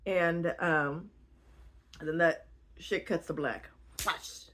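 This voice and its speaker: A woman's voice: fairly low pitch, lively intonation, slow pace, pauses often, fairly bright tone. A young woman hosting her channel, recapping a book in a slangy, chatty way, swearing freely and laughing often. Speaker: channel host.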